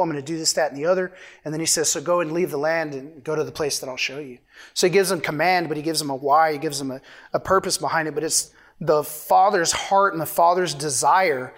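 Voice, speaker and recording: A man preaching an informal sermon, reading scripture aloud with conversational, playful asides. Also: on the high side.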